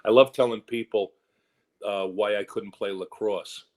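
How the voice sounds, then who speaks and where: A man's voice: lowish voice, steady tone, unhurried, a little mellow, poor audio. An older man with a New York accent, a guest actor telling rambling stories in a casual interview and acting out the voices he quotes.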